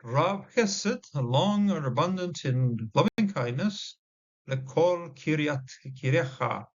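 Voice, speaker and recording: A man teaching a casual Hebrew word study, halting with many fillers as he sounds out words. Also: fairly high pitch, animated. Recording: dull lo-fi audio.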